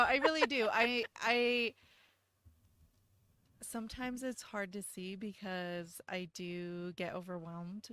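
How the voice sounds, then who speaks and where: A woman in her thirties chatting earnestly as a podcast guest, laughing now and then. Her voice is bright and smooth, and the recording is dry and close. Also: medium pitch, no room sound. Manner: earnest, laughing, emotional at times. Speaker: guest, host's wife. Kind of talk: casual podcast chat.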